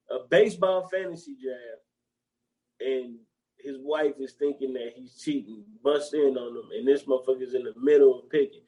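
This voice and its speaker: A man's voice: medium pitch, warm tone, rough recording. A man co-hosting a podcast, talking emphatically in slangy casual chat and swearing freely. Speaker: podcast co-host. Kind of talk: casual movie-review chat.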